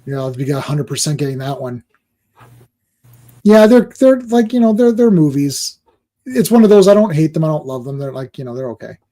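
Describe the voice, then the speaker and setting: A Canadian man chats casually on a comic book podcast, rambling from one joke to the next. His voice sits a little high but sounds dark and mellow. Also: sing-song, fairly quick. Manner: rambling, jokey, tells anecdotes with quoted voices. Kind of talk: casual chat.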